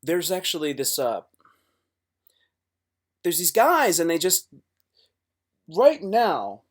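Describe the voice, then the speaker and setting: Male streamer with a raised pitch and a swearing, restart-heavy delivery. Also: big pitch swings, slow. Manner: profane, rambling, with many restarts. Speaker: livestreamer. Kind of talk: casual livestream chat.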